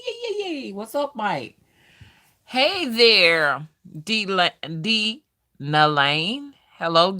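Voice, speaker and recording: A woman with a Southern US accent, hosting a casual live stream, chatting, greeting viewers by name and pausing often with "um". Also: medium pitch, sharp tone. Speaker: livestream host.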